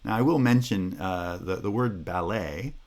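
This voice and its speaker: A man with a North American accent giving a recorded linguistics lecture, explaining steadily with frequent "uh" pauses. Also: sits low, a little mellow. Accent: North American English.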